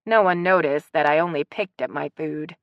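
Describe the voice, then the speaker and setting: Low-voiced woman narrating an audiobook. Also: moderate pace, dry recording, highs cut off. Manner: even, storytelling delivery. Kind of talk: scripted narration.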